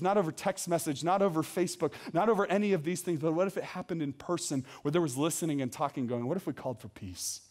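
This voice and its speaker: A man's voice: on the high side, darkish tone. A young adult man preaching a sermon as a pastor, earnest and emphatic, with many rhetorical questions.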